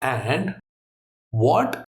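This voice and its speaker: Man, quiz guest, casual chat, animated storyteller, mid pitch. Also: extremely slow. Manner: animated storyteller, thinks aloud.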